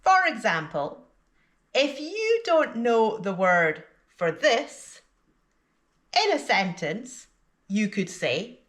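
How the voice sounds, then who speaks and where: A woman teaching an English lesson in a slow, deliberate scripted delivery, with exaggerated intonation in her example sentences. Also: medium pitch, big pitch swings, fairly bright tone.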